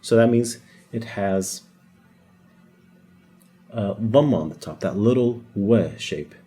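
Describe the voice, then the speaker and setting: Soft-voiced man teaching a lesson. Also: fairly low pitch, slow, slightly rough. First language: Arabic. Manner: explains patiently, demonstrates sounds, jokes lightly. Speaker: Arabic teacher. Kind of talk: casual whiteboard lesson.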